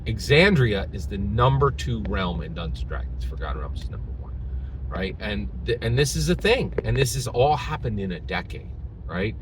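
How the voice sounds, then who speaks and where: A man's voice: on the low side, animated, normal speed, background noise. A man reviewing games in an opinionated video rant, emphatic and repetitive, often tagging "right?" onto his points. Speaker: game reviewer.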